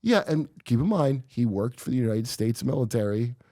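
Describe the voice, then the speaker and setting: A man's voice: medium pitch, animated, moderate pace, dark tone, no room sound, clean studio sound. A man who is a comedian guest on a podcast, telling rambling, conspiratorial stories in casual chat.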